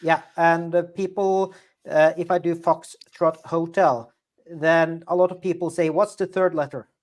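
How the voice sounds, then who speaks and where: A man's voice: fairly high pitch, level tone, unhurried. A man from Norway on a casual panel chat, explaining things in a chatty way.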